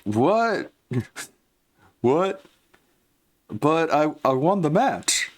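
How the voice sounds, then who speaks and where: Man doing a high, heavily nasal whiner, petulant sore loser, slow drawl. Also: sing-song, full character voice. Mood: whiny. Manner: raised, whining pitch.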